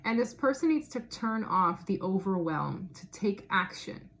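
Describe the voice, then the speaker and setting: A woman giving a casual tarot reading to her viewers, thinking out loud and laughing often. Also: mid-range voice, expressive, unhurried, creaky. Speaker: tarot reader.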